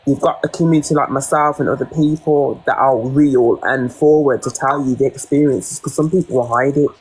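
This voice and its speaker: A woman's voice: rumbling low, fairly even intonation, brisk, a little mellow, slightly rough, rough recording. A woman, talking earnestly and at length as a guest in a personal interview, often restarting her sentences.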